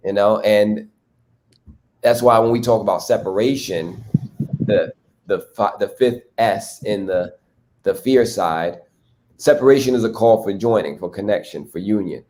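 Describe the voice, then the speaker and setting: Mellow low-voiced man explaining relationships. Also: a little slow. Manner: teaching, asks rhetorical questions. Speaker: relationship talk host. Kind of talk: explanatory group talk on relationships.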